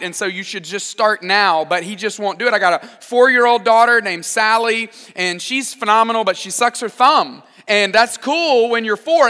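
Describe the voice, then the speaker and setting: A man's voice: sits high, sharp tone. A man in his thirties preaching a sermon as pastor, conversational and self-deprecating with joking asides. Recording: echoey hall reverb.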